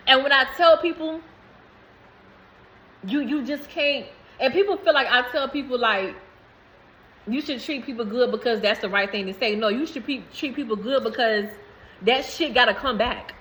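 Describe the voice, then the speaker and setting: A woman's voice: on the high side, moderate pace, pushed and bright, low-quality recording. A woman vlogging to camera in a casual, rambling way, repeating herself and laughing between phrases. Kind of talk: casual spiritual talk to camera.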